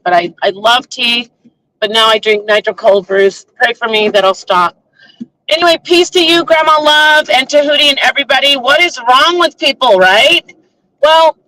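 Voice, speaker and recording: A woman hosting a casual live vlog from her car, rambling and animated as she tells a story, recorded on a phone. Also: mid-range voice, poor audio. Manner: chatty, rambling, animated retelling. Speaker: livestream host.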